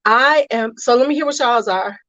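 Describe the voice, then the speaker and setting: A young adult woman hosts a fragrance livestream in a loose, slangy chat, calling out viewers by name. Her voice sits a bit high. The sound is dry and somewhat dull, like a home webcam mic. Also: moderate pace, pushed and bright, dry recording. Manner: chatty, greets viewers by name, slangy asides.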